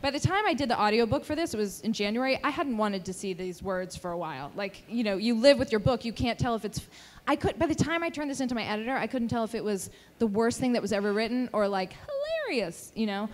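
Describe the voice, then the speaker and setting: A woman's voice: fairly high pitch, fast. A woman in her forties, an author, telling stories at a live book event, self-deprecating and laughing often. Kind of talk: casual conversational storytelling. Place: bookstore event room. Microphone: handheld mic at a live event. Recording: live event audio with long reverb and audible noise.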